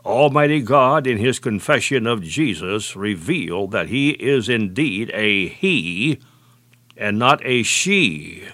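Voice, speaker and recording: A man preaching a sermon, measured and deliberate, slowing and dropping low on key phrases. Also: lively intonation, sharp tone, no room sound.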